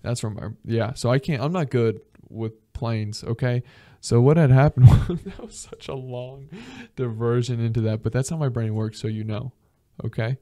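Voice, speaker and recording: Mellow-voiced man telling stories on a podcast. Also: mid-range voice, moderate pace, dry recording, studio quality. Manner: profane, rambling, acts out voices in his stories. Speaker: podcast guest. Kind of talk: casual storytelling.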